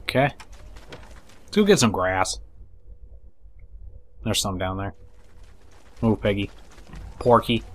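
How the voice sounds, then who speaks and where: A man giving casual let's play commentary, excitable and swearing, talking to the creatures in the game. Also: fairly low pitch, slow pace, long pauses. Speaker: gameplay commentator.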